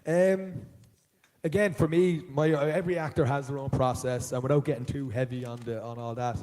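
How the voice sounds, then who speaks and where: Irish guy on a con panel, soft mellow voice, chatty storyteller who keeps doing other people's voices. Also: medium pitch, steady tone, brisk. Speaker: panel guest, voice actor. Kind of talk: convention panel Q&A. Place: large auditorium, live.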